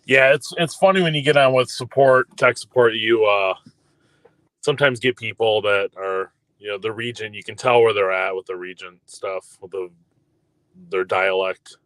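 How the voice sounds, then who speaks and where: A man's voice: lowish voice, normal speed, fairly bright tone, dry recording. An easygoing man chats casually on a podcast, agreeing readily and rambling a little. The sound is dry and close. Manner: easygoing, agreeable, loose phrasing. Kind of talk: casual chat.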